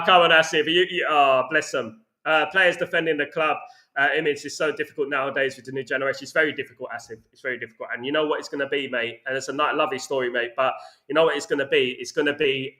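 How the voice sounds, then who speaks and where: A man's voice: medium pitch, fairly even intonation, quick pace, bright, forceful tone. A man hosting a casual football fan chat, reading out comments and ranting with lots of "you know what I mean". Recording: echoey room.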